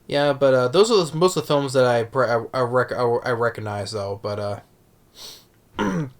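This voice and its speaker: A man talking casually as a movie reviewer, halting with many restarts and fillers. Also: medium pitch. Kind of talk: casual vlog talk.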